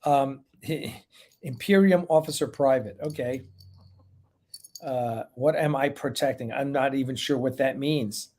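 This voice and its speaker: A man's voice: medium pitch, measured pace, darkish tone. A man hosting a casual live stream, chatting loosely, greeting viewers one by one by name and rambling between asides.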